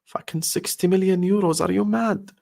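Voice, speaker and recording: A man's voice: high voice, fairly even intonation, normal speed, gravelly, darkish tone. Exasperated man ranting on stream. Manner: exasperated, repetitive ranting with swearing. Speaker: football live-streamer. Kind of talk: live-stream rant.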